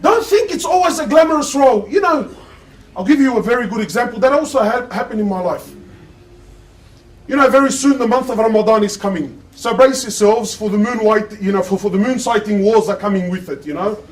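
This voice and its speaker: A man's voice: high-pitched, animated, fairly quick, recorded from a distance, rough recording. A man giving an impassioned sermon, firing rhetorical questions at his listeners. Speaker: preacher giving a Friday sermon.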